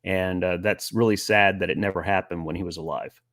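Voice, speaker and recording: A man's voice: sits low, steady tone, fairly bright tone, no echo. Earnest man on a dry mic. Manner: earnest, reminiscing, with filler pauses. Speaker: sports radio co-host. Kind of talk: casual sports talk.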